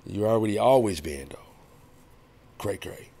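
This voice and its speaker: A man's voice: lowish voice, animated, moderate pace, creaky, warm tone, breathy edge. A man hosting a casual commentary vlog, rambling, profane and chiding, with frequent laughs. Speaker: host.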